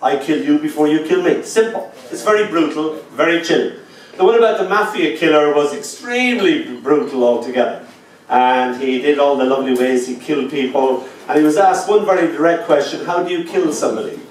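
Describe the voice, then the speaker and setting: A man reading his poems aloud at a live event, slipping from rhythmic recitation into dry, wry chat. His voice sits a little high. It reaches the mic from some distance in a very echoey room, with faint noise underneath. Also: lively intonation, fairly quick. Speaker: poet. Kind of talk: live poetry reading with chatty asides. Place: live reading venue indoors.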